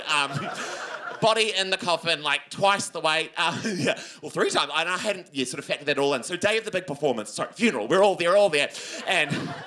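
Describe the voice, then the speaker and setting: A young man with a New Zealand accent tells a stand-up story into a stage mic, his voice bright and pushed a little high. He flips between squealing panic and low, gruff voices as he acts out the people in his story. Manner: animated, swings between high squeals and low grumbles, acting out characters. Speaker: stand-up comedian. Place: comedy venue with laughing audience.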